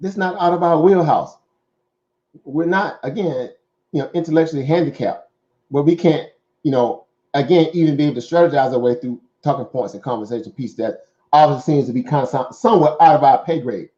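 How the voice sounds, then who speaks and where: Southern man hosting a market show, warm and mellow, loose and rambling, lo-fi sound. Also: on the high side, fairly quick. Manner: rambling, conversational, many fillers and "right?" asides. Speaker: stock market show host. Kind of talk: casual market commentary.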